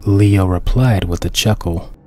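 A man reading his own dark pony fan story aloud as the narrator, in a steady, plain storytelling manner. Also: low voice, unhurried.

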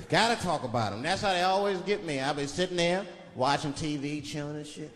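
A man's voice: fairly high pitch, lively intonation, normal speed, a bit bright, long reverb tail. A male stand-up comedian telling stories on a theatre stage in a loose, profane, conversational manner. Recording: live theatre with audience noise.

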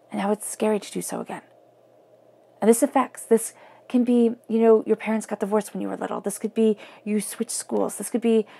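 A woman giving an earnest tarot reading, often dropping her voice to a soft near-whisper for emphasis. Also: medium pitch, gravelly, breathy edge. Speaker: tarot reader.

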